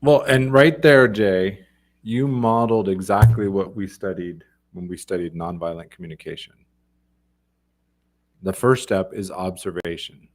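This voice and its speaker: A man with a low voice hosts a conversation. He thinks out loud as he talks and explains ideas in a reflective way. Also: fairly even intonation, measured pace. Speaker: host. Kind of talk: podcast conversation.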